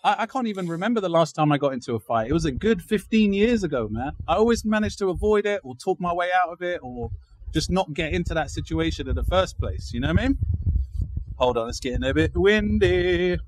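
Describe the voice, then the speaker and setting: A man's voice: sits high, lively intonation, a little hiss or hum, poor audio. Joking man, podcast co-host. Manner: joking, quick short replies and prompts. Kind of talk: casual chat. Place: outdoors on location, windy.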